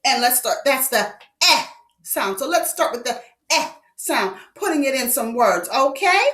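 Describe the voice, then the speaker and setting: A woman teaching young children phonics, sounding out vowels slowly and with exaggeration, sing-song and encouraging. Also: high-pitched, sing-song, bright, forceful tone, roomy sound.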